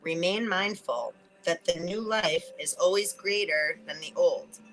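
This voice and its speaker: A woman hosting a casual spiritual reading, chatting and laughing between thoughts, swearing casually and slowing down to read card messages aloud. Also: fairly low pitch, a bit bright, faint music behind, low-quality recording. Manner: reads oracle card messages aloud slowly. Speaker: spiritual reader and channel host.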